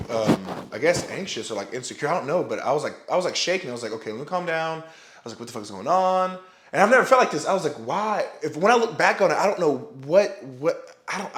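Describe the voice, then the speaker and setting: A young man telling a personal story to the camera, rambling with many restarts and "like" and swearing now and then. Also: fairly high pitch. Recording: roomy echo.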